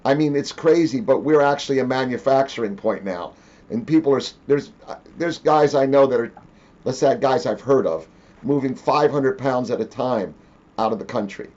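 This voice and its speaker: A man's voice: mid-range voice, normal speed, muffled recording. A man hosting an interview, telling stories casually and acting out the dialogue of the people in them. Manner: animated, acts out quoted dialogue. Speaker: interview host.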